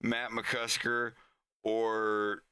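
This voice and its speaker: A man's voice: lowish voice, monotone, drawn-out words, sharp tone, clean tone, dry recording, studio quality. A man chatting casually on his livestream, rambling and laughing often at himself. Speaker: animation streamer.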